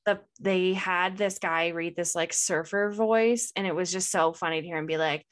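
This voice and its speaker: A woman's voice: on the low side, fairly even intonation, moderate pace. Woman gushing in casual chat. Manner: enthusiastic, gushing retelling with fillers. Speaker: podcast co-host. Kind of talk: casual book club chat.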